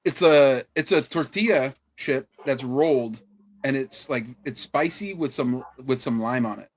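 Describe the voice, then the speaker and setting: A man's voice: mid-range voice, unhurried, a little hiss or hum. Man, podcast co-host, casual chat, laughs often, swears freely.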